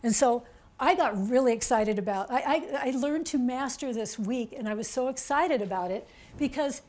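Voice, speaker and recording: Chatty woman speaker, fairly high voice. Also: a little fast. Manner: chatty, animated, points at a chart, frequent "okay?". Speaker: author giving a public talk. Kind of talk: casual presentation to an audience.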